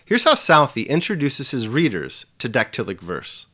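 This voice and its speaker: Man, teacher, scripted lesson, animated pitch, emphatic. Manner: measured, emphatic delivery.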